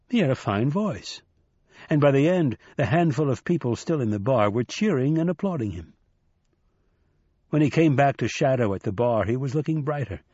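A man narrating an audiobook in a measured, even storytelling manner. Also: medium pitch, no room sound. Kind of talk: scripted narration. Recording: slightly dull dry recording.

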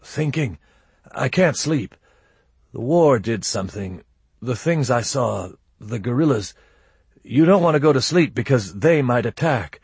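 A man voicing a haunted, guarded war veteran in an audiobook, terse and quietly bitter. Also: mid-range voice, lively intonation, measured pace, breathy edge, no echo, pitched above the performer's own voice, exaggerated voice. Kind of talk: audiobook character voice.

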